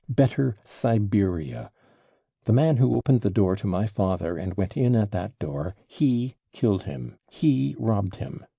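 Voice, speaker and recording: A man's voice: lowish voice, gravelly, dark tone, husky, no echo, studio quality, heavily acted. A man reading an audiobook, voicing an agitated, proud young man under arrest in impassioned, indignant outbursts.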